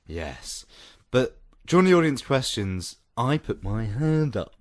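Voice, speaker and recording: A man co-hosting a podcast in casual chat, animated and joking, laughing often. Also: medium pitch, measured pace. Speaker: podcast co-host.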